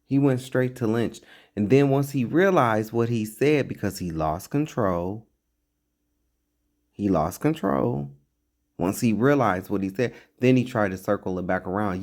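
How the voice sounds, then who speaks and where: A man's voice: mid-range voice, lively intonation, unhurried, a little mellow. A man giving blunt, profane, mocking reaction commentary on a clip.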